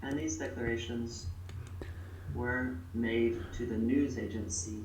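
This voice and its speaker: A man giving a simultaneous interpretation of a speech, with a measured, halting delivery. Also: medium pitch, fairly even intonation. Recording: echoey, distant, noisy archival recording.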